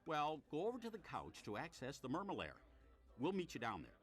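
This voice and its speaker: An actor voicing a grumpy, weary retired superhero sidekick in a video game. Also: male voice, fairly high pitch, wildly swooping pitch, fairly quick. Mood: gruff. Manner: gruff, weary.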